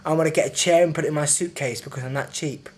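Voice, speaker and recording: A man's voice: fairly high pitch, fairly even intonation, quick pace, darkish tone, lightly acted. A man mimicking a greedy, cheap holidaymaker in a sneering parody voice. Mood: mocking.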